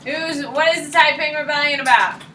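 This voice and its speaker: Woman, history teacher, brisk and blunt, bright voice, distant mic, roomy classroom, faint hum. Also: high voice, steady tone. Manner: brisk, calls on students by name, blunt and casual. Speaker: high school history teacher. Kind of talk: classroom lecture and questioning. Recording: echoey classroom, distant mic, light noise.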